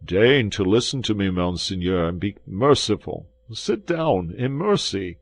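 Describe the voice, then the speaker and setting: A man's voice: fairly low pitch, big pitch swings, a little slow, voice pushed up, full character voice. A man voicing a frightened innkeeper who pleads in a trembling, pitiable voice. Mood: pleading.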